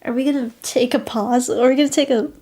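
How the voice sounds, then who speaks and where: A young woman streaming live, chatting casually and gushing, often dropping into soft whispers. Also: high voice, steady tone, fast.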